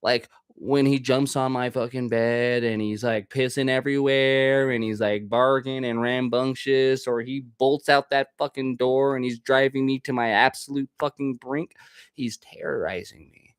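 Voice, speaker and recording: A man's voice: medium pitch, steady tone, normal speed, smooth, dry recording, studio quality. A man, the host of a podcast, delivering a casual, rambling monologue full of swearing. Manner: profane, rambling, ranting.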